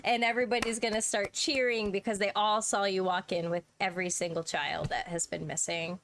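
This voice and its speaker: A woman running a tabletop game as game master. She narrates casually, laughing and using fillers, at a middle pitch. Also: steady tone, brisk, fairly bright tone, a little hiss or hum.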